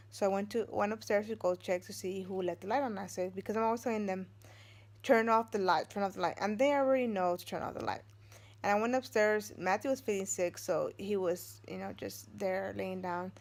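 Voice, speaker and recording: A woman in her forties, a vlogger and mother of three, telling a story casually, rambling with many fillers and restarts and acting out what others said. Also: medium pitch.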